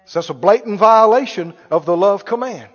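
A man with a strikingly high voice preaches to his church, talking plainly and tossing questions to the congregation. The sound is muffled and dull, and it trails off into a long hall reverb. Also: normal speed. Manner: conversational preaching, quizzes the congregation. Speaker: pastor. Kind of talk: sermon.

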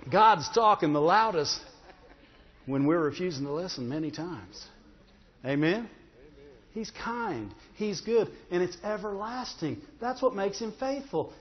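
A man's voice: sits high, expressive, measured pace, slightly rough. A man preaching a sermon as pastor. He is emphatic and conversational, with joking asides and calls for an "amen" from the congregation. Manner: emphatic preaching with audience call-outs. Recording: echoey hall, dull lo-fi sound.

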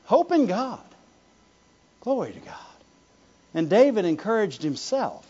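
High-voiced man preaching in echoing hall. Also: unhurried, long pauses. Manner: animated, swings between loud declarations and hushed asides; laughs often, calls for "Amen" and "Right". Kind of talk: sermon. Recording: dull lo-fi sound with long hall reverb.

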